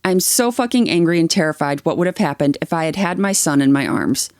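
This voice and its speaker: A woman's voice: deep voice, animated, brisk, darkish tone, no echo, clean studio sound. A young adult woman co-hosting a podcast, reading online posts aloud and chatting with blunt, swearing opinions. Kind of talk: reading aloud and casual chat.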